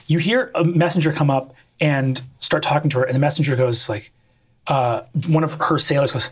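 A man's voice: medium pitch, normal speed, faint music behind. A man narrating as game master, loose and casual with frequent fillers. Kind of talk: improvised tabletop game narration.

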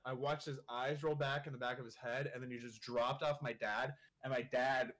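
Young guy telling a crazy story, lots of "like", swears a ton, average pitch voice. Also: moderate pace. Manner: animated storyteller, swears a lot, leans on 'like'. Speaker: guest. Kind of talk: casual chat, storytelling.

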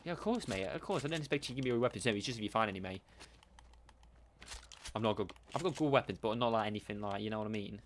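A man's voice: on the low side, racing, long pauses, a little hiss or hum. Chatty man streaming a game. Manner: chatty, upbeat, calls everyone mate and bro. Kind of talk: live game commentary with viewer shout-outs.

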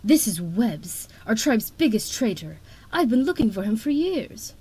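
A woman's voice: on the high side, sing-song, unhurried, warm tone, husky, exaggerated voice. A woman voicing a furious female dragon queen who hisses her commands in a storybook reading. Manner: hissing, harsh and commanding.

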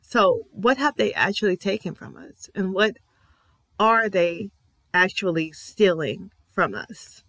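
A woman records a heartfelt reaction vlog, speaking slowly and deliberately. She leans on repeated, emphatic affirmations, with a sincere, emotional edge. Her voice sits at an ordinary middle pitch in a dry, close recording. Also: expressive, a bit bright, no echo. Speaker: TV reaction vlogger. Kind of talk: reflective reaction commentary.

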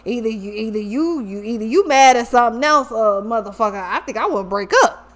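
A woman's voice: fairly high pitch, animated, brisk, fairly bright tone. A woman voices a weary adult man at the end of his rope with his partner. He talks bluntly and swears freely. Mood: exasperated.

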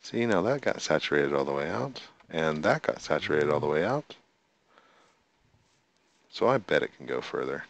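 Low, gravelly man, unhurried let's-play host who mutters to himself while playing. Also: big pitch swings. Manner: chatty, talks to himself and counts aloud; talks to the in-game animals. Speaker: gameplay video host. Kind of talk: casual gameplay commentary.

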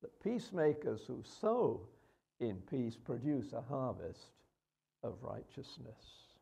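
A man's voice: medium pitch, creaky, mellow, husky. A man preaching a sermon in a conversational way, with rhetorical questions and hesitations.

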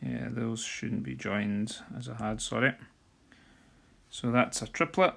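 Drum teacher, bit of gravel in his voice, chatty while he writes out music. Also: medium pitch, steady tone, slow. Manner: talks while writing, sings drum rudiments softly. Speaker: drumming teacher. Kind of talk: screen-recorded theory walkthrough.

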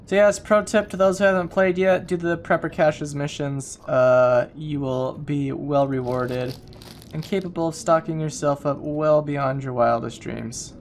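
A chatty, jokey man narrates a survival game as he plays, thinking aloud and joking with his viewers. His voice sits a little high for a man. Clear noise hums steadily under the recording. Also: steady tone, unhurried. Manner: chatty, jokey, talks to himself while playing. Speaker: gaming YouTuber. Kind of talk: casual let's-play commentary.

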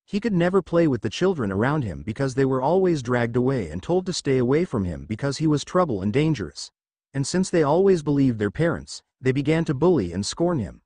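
A man narrating a fan fiction story in a steady storytelling read. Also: mid-range voice, fairly quick, no room sound.

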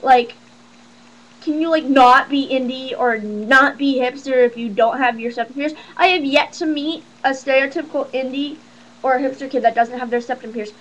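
Teen girl vlogger, high-pitched, rambling sarcastic rant. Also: normal speed, poor audio. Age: teens. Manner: sarcastic, exasperated, rambling with restarts. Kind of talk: casual rant to camera.

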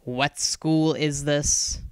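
The narrator does a prickly teenage girl who has lived alone in the wild, grumbling and defiant. A storybook voice, smooth and dry, that pushes back at every question. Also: medium pitch, fairly even intonation, extremely slow, a little mellow, dry recording.

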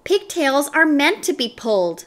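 A mischievous schoolboy , read aloud by a woman, explains himself earnestly in a bright, raised voice. The delivery is lively and a little self-justifying, as in a read-aloud storybook. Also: sits high, unhurried, voice pushed up, exaggerated voice.

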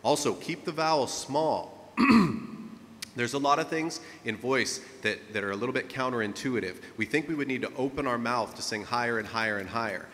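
A man's voice: medium pitch, moderate pace, a bit bright, long reverb tail, slight background noise. A man working as a vocal coach, leading a singing lesson and checking in with his students as he goes. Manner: encouraging, coaching with frequent "okay?" checks.

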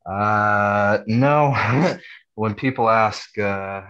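Young guy from north carolina, low voice, laid back, chuckles as he talks, kinda muffled lo-fi sound. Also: extremely slow, fairly bright tone. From North Carolina, USA. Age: 20s. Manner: easygoing, chuckles between phrases. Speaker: rugby player guest. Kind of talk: casual interview answers. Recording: dull, lo-fi audio.

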